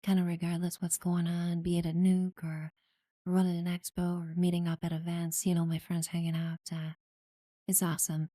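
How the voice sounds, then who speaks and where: A woman's voice: on the low side, monotone, normal speed, no echo, clean studio sound. A woman streamer chatting casually during live gameplay, thanking new followers and talking about her community. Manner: friendly, thanks followers warmly, many fillers.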